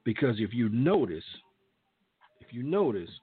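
A man's voice: medium pitch, big pitch swings, a little slow, husky. A male show host giving impassioned commentary, repeating phrases for emphasis. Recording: tinny phone-like line.

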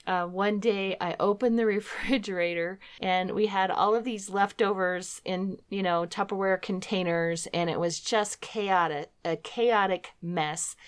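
A woman's voice: mid-range voice, clean tone. A middle-aged woman speaks earnestly on a faith talk program, telling her own story. Her voice sits in a middle range. She acts out her past words as she goes. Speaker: co-host of a Christian talk program. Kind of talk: personal testimony in a faith talk.

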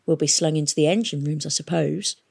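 A woman reading a novel aloud, voicing a blunt, hard-bitten young woman who speaks curtly and flatly. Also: sits low, fairly quick, vocal fry, slightly rough, dry recording, full character voice. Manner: curt and flat.

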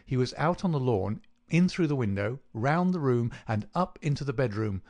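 A man narrating a classic detective story in a steady, even storytelling manner. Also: medium pitch, normal speed. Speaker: audiobook narrator. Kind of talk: scripted narration.

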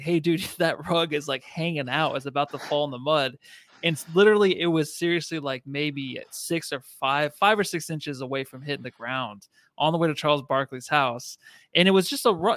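A man co-hosting a casual sports podcast, telling low-key stories in an easygoing way. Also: fairly bright tone, no room sound, clean studio sound. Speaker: podcast co-host. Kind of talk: casual chat.

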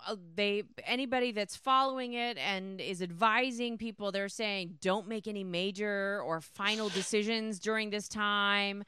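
Female co-host, explainer type, bright clean voice. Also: medium pitch, moderate pace, hardly any pauses, clear, resonant tone. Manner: explains topics, laughs along. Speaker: podcast co-host. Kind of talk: casual talk-show banter.

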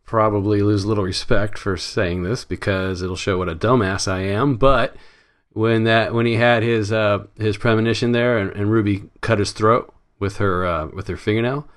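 A man's voice: fairly low pitch, fairly even intonation, normal speed. A man co-hosting a casual podcast chat who is self-deprecating and acts out his own past reactions. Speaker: podcast co-host.

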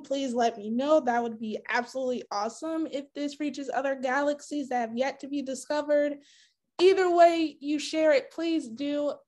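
A woman's voice: high voice, darkish tone. A woman hosting a podcast, emotional and laughing as she signs off to her listeners. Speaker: podcast host. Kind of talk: podcast sign-off.

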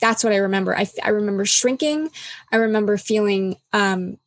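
A woman's voice: mid-range voice, a little fast, dry recording. A woman in casual conversation, speaking candidly and reflectively, with lots of "like" and acted-out quotes. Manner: reflective and candid, filler-heavy, acts out quoted dialogue.

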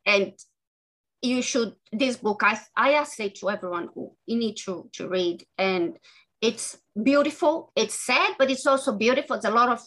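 As a guest author in an interview, this earnest woman talks hesitantly, often restarting sentences, yet sounds animated. Her bright, forceful voice runs on the high side, and the recording is rough.

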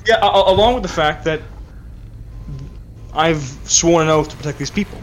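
A man's voice: on the high side, moderate pace. A man with a Southern US accent playing a paladin in a tabletop game, talking earnestly and repeating himself. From Southern United States. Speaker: player. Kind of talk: in-character tabletop play.

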